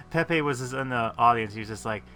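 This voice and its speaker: Soft music sits behind a man with a sharp-toned, mid-range voice who speaks at a moderate pace. As a gaming video host, he gives loose, self-deprecating commentary on his play, peppered with fillers.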